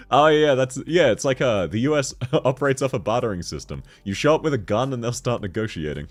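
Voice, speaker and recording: A man's voice: mid-range voice, big pitch swings, normal speed, soft background music. A young man chatting casually on a game livestream, joking, laughing often and reading chat messages aloud. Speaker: streamer.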